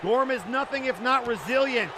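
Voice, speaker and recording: A man calling a wrestling match play by play, often breaking into excited shouts. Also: very high-pitched, normal speed. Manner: excitable, shouting during big moments. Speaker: wrestling commentator. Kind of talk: play-by-play commentary. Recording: crowd and loud background noise.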